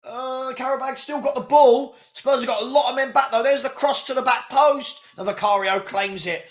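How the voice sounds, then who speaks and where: A man's voice: very high voice, steady tone, moderate pace. A man, hosting a live fan watchalong, calling the match and reading the chat with exasperated, laughing commentary.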